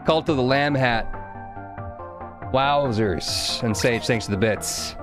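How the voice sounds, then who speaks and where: A man's voice: medium pitch, slow pace. Chatty male game streamer. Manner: chatty, thanks viewers, muses aloud about items. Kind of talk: casual live game commentary. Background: game music.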